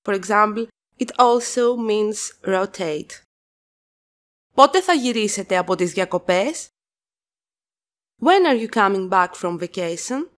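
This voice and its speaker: Slow, careful Greek woman teaching. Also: mid-range voice, animated. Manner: reads Greek examples slowly, then explains in English. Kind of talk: slow, careful language lesson.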